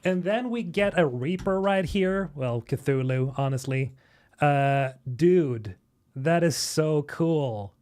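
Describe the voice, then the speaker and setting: A young man from Sweden reacting to game trailers on a live stream, excitable and swearing, talking to chat. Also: fairly high pitch, slow. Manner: excitable, swearing, chatting with viewers. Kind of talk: casual live-stream commentary.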